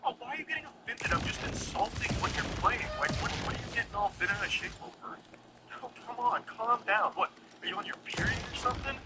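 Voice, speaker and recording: A man voicing a pushy young man who taunts in a high, sneering voice. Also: animated, fast talker, noisy background. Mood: taunting.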